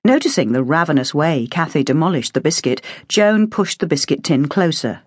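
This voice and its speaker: A woman's voice: deep voice, big pitch swings, normal speed, breathy edge, no room sound, clean studio sound. A woman reading a novel aloud as an audiobook narrator, telling the story expressively. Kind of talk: scripted narration.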